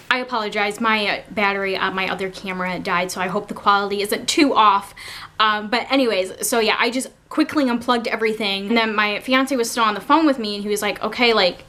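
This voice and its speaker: A woman's voice: mid-range voice, fast, bright, forceful tone. A young woman vlogger telling a casual storytime, chatty and giggly, with a lot of "like" fillers.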